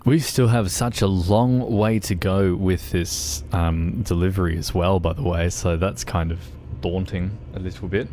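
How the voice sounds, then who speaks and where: A man's voice: low voice, steady tone, a little slow, few pauses, mellow, a little hiss or hum. A man streaming a driving game, chatting in a rambling, hesitant way with many fillers and restarts. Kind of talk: casual gaming stream chat.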